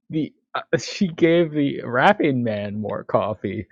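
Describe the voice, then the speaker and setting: A man chatting through a livestream as he reads a text adventure aloud, relaxed and unhurried. His voice comes across dull and lo-fi, close and dry with no room sound. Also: medium pitch, vocal fry, slightly rough, dry recording. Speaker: livestream host. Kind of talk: casual chat while reading a text adventure aloud.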